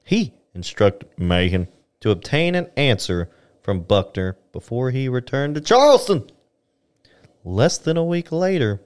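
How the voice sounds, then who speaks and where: A man co-hosting a casual podcast, reading old historical documents aloud with small stumbles and chuckles. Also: mid-range voice. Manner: reads archival text aloud with stumbles and laughs.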